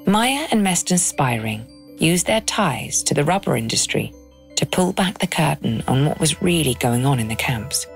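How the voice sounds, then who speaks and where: A woman in her thirties giving measured, grave documentary narration from a script. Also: low-pitched, sing-song, vocal fry, soft background music.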